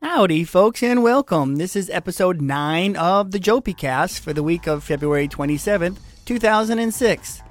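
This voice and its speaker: An upbeat man hosts a homemade podcast, talking in a chatty, casual way. He drops playful asides as he goes. Faint music plays quietly behind him. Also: high-pitched, animated, normal speed, hardly any pauses. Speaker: podcast host. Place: home room with cats.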